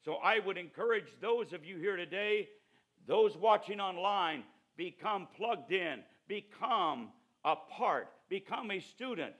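Male preacher, graduation sermon, high-pitched, fervent delivery. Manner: fervent, building to shouts.

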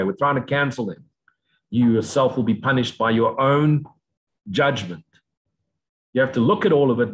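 A man giving an unscripted spiritual lecture, blunt and profane, mocking other views in sudden high voices. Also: poor audio. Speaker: spiritual teacher.

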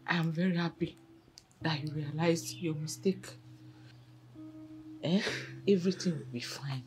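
An actress with a Nigerian accent playing a kind, motherly village woman who comforts and coaxes with soft questions. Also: sits low, unhurried, slight background noise. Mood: soothing. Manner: soothing, coaxing, gently questioning.

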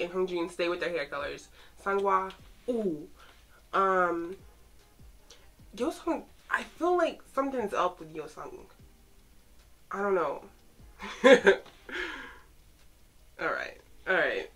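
A young woman chatting casually as she reacts to photos, excitable and teasing, talking straight to the pictures. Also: medium pitch. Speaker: fan vlogger reacting to photos.

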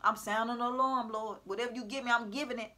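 High bright-voiced woman preaching to viewers. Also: steady tone, fast. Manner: preachy, repetitive, calls out to her audience. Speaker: self-styled prophetic speaker. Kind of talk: informal religious exhortation to viewers. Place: at home.

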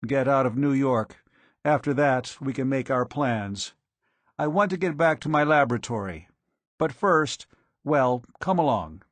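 A man's voice: medium pitch, expressive, unhurried, dry recording. Man reading as a weary, wry scientist. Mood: urgent.

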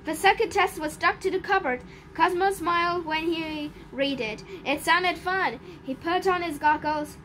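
A woman reading a children's picture book aloud in an expressive, careful storytelling manner. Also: extremely high pitch, a little slow. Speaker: storybook reader.

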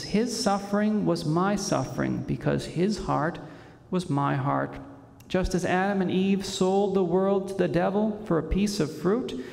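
A fairly high-voiced priest gives a homily, measured and reverent, with a gravelly edge. His voice carries the long reverb of a church hall. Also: a little mellow. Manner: measured, reverent delivery with frequent pauses.

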